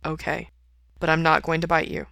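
A woman reading aloud and voicing a quiet, guarded young male vampire who talks softly and tersely. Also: sits low, monotone, normal speed, creaky, no echo, clean studio sound, heavily acted.

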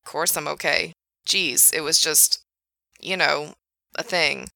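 A woman voicing a brash, flustered young man who gets defensive and swears a lot, read in her own bright, low voice. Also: fairly even intonation, slow, gravelly, no room sound, exaggerated voice. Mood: sheepish.

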